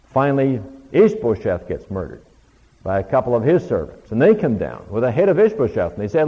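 A man's voice: mid-range voice, big pitch swings, brisk. A man giving a conversational Bible lecture, retelling the stories with quoted lines of dialogue. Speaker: Bible teacher. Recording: lo-fi recording with long hall reverb.

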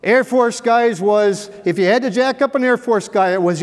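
A middle-aged former police officer with a very high voice tells humorous stories to an audience at a moderate pace, hardly pausing. His folksy delivery carries dry, self-mocking humor, and the hall reverb is echoey.

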